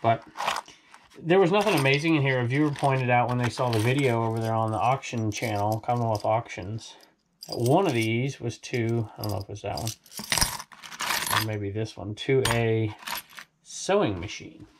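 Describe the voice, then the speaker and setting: Showing off the things he resells, this Southern Californian man rambles chattily to his viewers. He has a mid-range voice and a moderate pace, against a noisy background.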